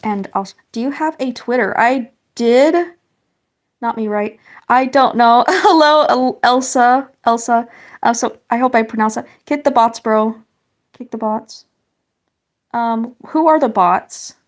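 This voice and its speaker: Casting: young woman, slightly high voice, rambling friendly live-stream chatter with fillers. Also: unhurried. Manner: chatty, reads viewer comments, many fillers and restarts. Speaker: livestreamer. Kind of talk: casual live-stream chat while colouring.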